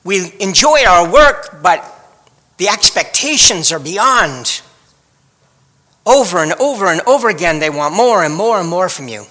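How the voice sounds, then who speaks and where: A man's voice: sits high, animated, unhurried, sharp tone, long reverb tail. A man preaching a sermon in a wry, dramatic storytelling manner. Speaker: pastor.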